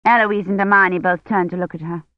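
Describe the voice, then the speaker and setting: Woman reading an audiobook, lowish voice, dry and kinda muffled. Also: steady tone, a little fast, no room sound. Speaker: narrator. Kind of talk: audiobook narration. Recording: dull dry lo-fi recording.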